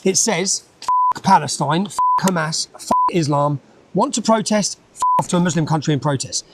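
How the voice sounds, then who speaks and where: A man's voice: a little high, normal speed, heavy background noise. A man, a guest in a conversational interview, talking emphatically and repeating his points with tag questions.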